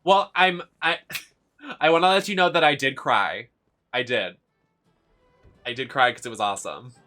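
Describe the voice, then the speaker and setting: A young man streaming a video game live, chatting casually in an excitable, giggly, gushing way. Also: medium pitch, normal speed, faint music behind.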